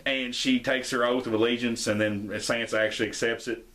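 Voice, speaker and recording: A young man hosting a podcast, casually recapping an episode and acting out the characters' lines with shifting pitch. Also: little pitch movement, a little fast, a crowd in the background. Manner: rambling, acts out quotes with shifting pitch. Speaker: podcast host.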